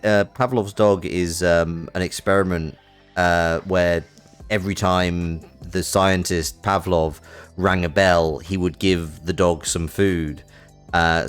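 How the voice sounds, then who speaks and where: A very deep-voiced host of an online board game session, talking casually and rambling, restarting sentences while walking through the rules. The voice comes through a home microphone on a video call.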